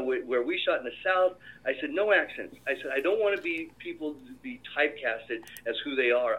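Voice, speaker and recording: A man with a fairly high voice talks as a film director in a casual interview. He tells animated anecdotes and acts out the dialogue of others. His voice comes through thin and tinny, like a phone line.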